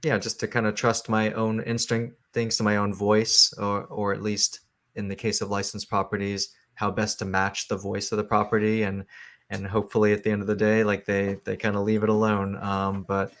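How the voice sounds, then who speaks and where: Brief: low, even-toned male writer, halting interview talk, lots of fillers. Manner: halting, many fillers and restarts. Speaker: comic book writer, guest.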